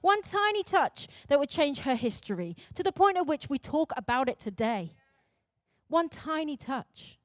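A young adult woman pastor, preaching emphatically, swinging between loud urgent calls and quiet intense moments. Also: high voice, big pitch swings, normal speed, dry recording, studio quality. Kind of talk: sermon.

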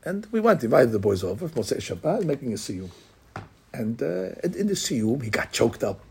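A man's voice: mid-range voice, big pitch swings, moderate pace, creaky, a little mellow, slight background noise. A middle-aged man, a rabbi, gives an informal Torah class, talking conversationally with digressions and many restarts.

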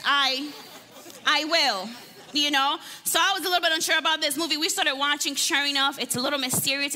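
A woman pastor praying and then preaching a sermon in a chatty, conversational way, asking the congregation questions. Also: high voice. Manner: warm conversational preaching with laughs and audience questions. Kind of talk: sermon with opening prayer. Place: church hall. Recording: long hall reverb with faint music.

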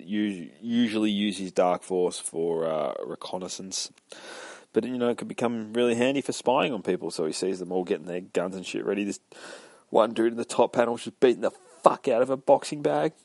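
A man with a fairly low voice talks through a comic book issue panel by panel. His recap is loose and rambling, packed with profanity. The sound is dry and close, with no room echo. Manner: profane, rambling, sweary play-by-play. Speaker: podcast co-host reviewing comics.

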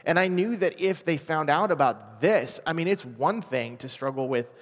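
A man in his forties from Washington state, sharing a personal testimony in an earnest, quiet, emotional way. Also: a little high, lively intonation, normal speed. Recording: long hall reverb.

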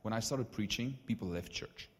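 A man with a South African accent, a pastor telling his story to a congregation in a casual, animated way full of "like" and "right?". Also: fairly low pitch, moderate pace, long reverb tail. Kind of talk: storytelling sermon.

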